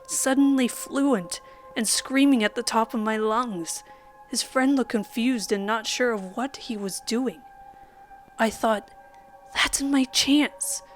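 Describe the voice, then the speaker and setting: Female horror narrator, unhurried and dramatic, slips into whispers, light music underneath. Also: a little high. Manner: measured, dramatic reading that drops to a whisper at times. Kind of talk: scripted horror story narration. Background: faint background music.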